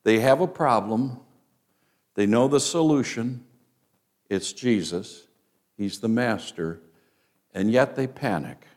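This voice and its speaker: A male preacher delivering a sermon, dramatically acting out the voices of the people in his story, swinging from loud cries down to hushed words. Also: mid-range voice, slow, pauses often.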